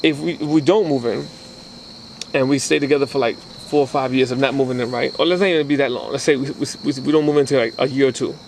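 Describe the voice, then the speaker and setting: Animated man telling stories on a podcast. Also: mid-range voice, fast talker, slight background noise, low-quality recording. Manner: animated storyteller acting out quoted voices. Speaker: podcast co-host. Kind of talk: casual chat.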